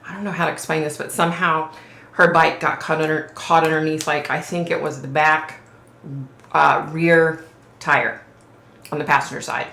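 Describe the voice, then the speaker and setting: Woman, low voice, gravelly fry, rambling casual vlog talk, frequent check-ins with viewers. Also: fairly even intonation, normal speed, bright, forceful tone. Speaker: psychic vlogger. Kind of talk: casual storytelling to camera. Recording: roomy echo.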